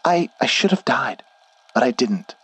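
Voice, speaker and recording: A man's voice: medium pitch, sing-song, a little slow, fairly bright tone, breathy edge, no echo, voice pushed up, heavily acted. A man voicing a frightened, exhausted young woman who pleads urgently and stammers in a horror story reading. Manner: urgent, shaky, stammering pleas. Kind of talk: scripted horror narration.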